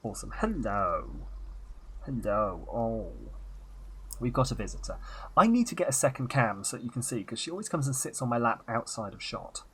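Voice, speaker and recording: A man's voice: mid-range voice, big pitch swings, brisk, slightly rough. A man chatting casually while live-streaming a game, self-mocking and muttering asides into a headset.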